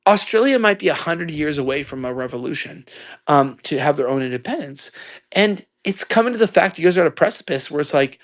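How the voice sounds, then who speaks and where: A young man in his twenties telling a story loudly, ranting and acting out quoted lines. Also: fairly high pitch, lively intonation, brisk. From United States. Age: 20s. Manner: loud, ranting, acts out quotes. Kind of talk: animated storytelling.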